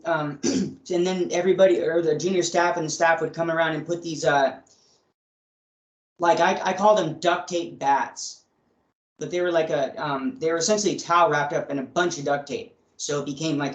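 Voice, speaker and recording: A man's voice: a little high, steady tone, normal speed. A man talking as a podcast guest in a casual way, often asking "you know what I mean". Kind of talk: casual interview. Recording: roomy echo.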